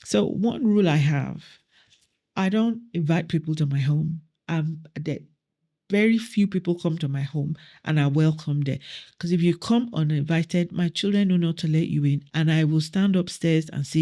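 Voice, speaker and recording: A woman's voice: deep voice, moderate pace, dark tone. A woman guest on a podcast, a councillor and mother, telling personal stories in an earnest, reflective way. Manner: earnest, reflective, acts out family dialogue. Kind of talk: personal storytelling in conversation.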